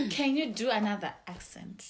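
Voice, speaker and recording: A woman's voice: a little high, expressive, unhurried. A woman hosting a casual chat podcast, teasing and hyping up her co-host.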